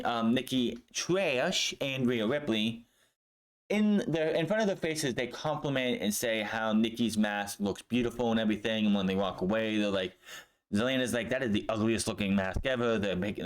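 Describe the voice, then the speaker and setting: Male reviewer, mid-range voice, casual home recap, blunt, sarcastic, swears freely. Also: mid-range voice. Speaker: wrestling show reviewer. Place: home room.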